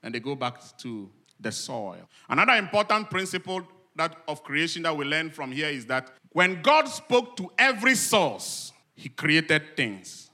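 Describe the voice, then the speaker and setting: A man preaching a Sunday sermon to a live congregation. He asks the congregation questions and answers them himself, and he swings between loud, emphatic lines and soft, low asides. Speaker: pastor. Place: church service with a live congregation.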